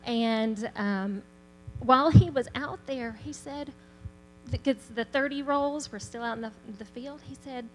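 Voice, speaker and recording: A woman's voice: on the high side, a little slow. Southern woman telling a story. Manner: animated storyteller, laughs often. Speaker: church member giving a testimony. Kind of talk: storytelling testimony. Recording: long reverb, faint hum.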